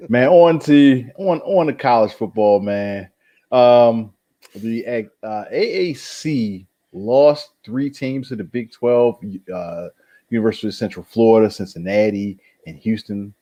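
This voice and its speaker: A man's voice: mid-range voice, measured pace. A man co-hosting a podcast in casual sports chat, laid-back and saying "man" often. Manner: laid-back, says "man" a lot, lively intonation. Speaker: podcast co-host.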